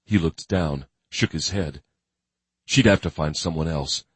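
Low husky guy reading a crime thriller audiobook, steady and grim. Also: unhurried, no room sound. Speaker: audiobook narrator. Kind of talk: scripted narration.

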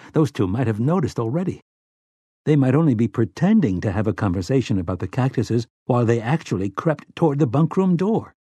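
A man narrating a novel aloud in a steady, brisk storytelling manner. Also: fairly low pitch, breathy edge, no echo, studio quality. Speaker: audiobook narrator.

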